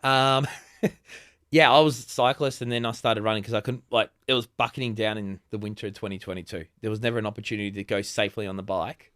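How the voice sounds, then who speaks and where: A man's voice: fairly low pitch, steady tone, fast, a bit bright, no echo. Chatty Australian man in his forties, dry sound. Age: 40s. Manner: chatty, laughs often, many restarts. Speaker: podcast guest. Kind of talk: casual conversation.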